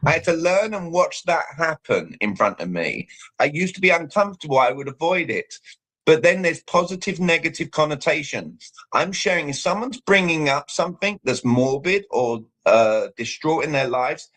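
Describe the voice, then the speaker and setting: A man's voice: a little high, lively intonation, normal speed, a bit bright. A British man giving an emphatic coaching talk on a live show over a video call, punctuating points with "all right". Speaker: communication coach, guest.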